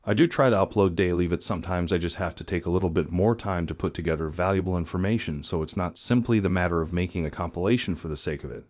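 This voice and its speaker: A man's voice: deep voice, quick pace, few pauses, a little mellow, no room sound, studio quality. A man narrating a video compilation from a script in a plain, earnest manner. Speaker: channel narrator presenting clips.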